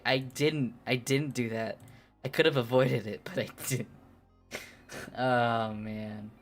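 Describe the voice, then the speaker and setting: In a mid-range, somewhat bright voice, a streamer reads aloud and talks casually with their viewers. They poke fun at themselves, laugh a lot, and stumble over their words.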